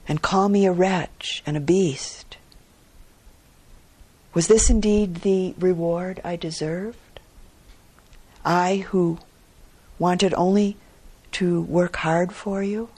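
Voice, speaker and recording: A patient, hardworking ox from a spoken fable, as a woman storyteller puts him on. His voice is soft, breathy and low-pitched, and he talks slowly and gently. He sounds reproachful but bears no grudge.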